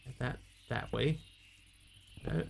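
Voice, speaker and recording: A man's voice: takes it slowly, a little hiss or hum. A man playing a game on a live stream, chatting casually with viewers and yelping aloud whenever his character takes a hit.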